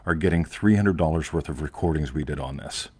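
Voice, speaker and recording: A man's voice: very deep voice, a little fast, a little mellow, slightly rough, no echo. A man hosting a casual chat, rambling and emphatic, often tagging "right?" and swearing offhandedly. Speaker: host.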